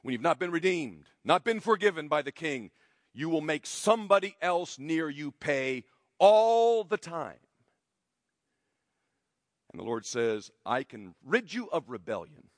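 A male pastor preaching a sermon, emphatic, slowing down for stress and dropping to quiet lines at key moments. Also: sing-song, dry recording, studio quality. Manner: emphatic, varies pitch and loudness widely, slows for stress.

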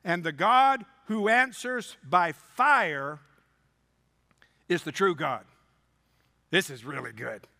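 Bright high-voiced man preaching in a hall. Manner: reads scripture aloud and breaks in with lively, sarcastic asides. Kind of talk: sermon. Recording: long hall reverb.

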